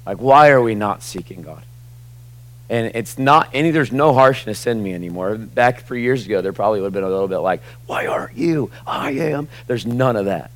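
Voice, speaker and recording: Speaking a little fast in a lowish voice, a pastor in his forties gives his congregation a casual, conversational sermon, sprinkled with "like" and "y'all." The setting is a church sanctuary with the congregation present.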